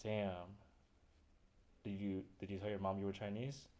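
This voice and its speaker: A man's voice: lowish voice, flat delivery, a little slow, darkish tone. A man co-hosting a comedy podcast, joking and bantering in casual chat. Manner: joking, short interjections and crude banter.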